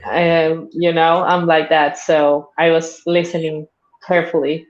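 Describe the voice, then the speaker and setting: A woman co-host speaking slowly and hesitantly, pausing with many ums as she reflects. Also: deep voice, flat delivery, dull audio. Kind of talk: casual reflective chat.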